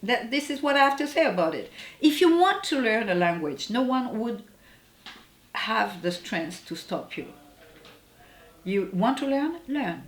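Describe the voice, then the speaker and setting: A woman's voice: on the high side, sing-song, measured pace. A woman guest giving blunt opinions, repeating words for emphasis. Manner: blunt, repetitive, stumbling emphasis. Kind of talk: casual opinion. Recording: roomy echo.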